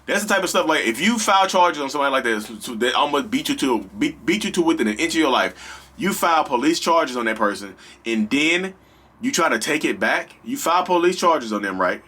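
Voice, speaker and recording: A man hosting a casual advice vlog, talking straight to his viewers in an animated, slangy, rambling way. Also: mid-range voice, fairly quick, breathy edge. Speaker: vlog host.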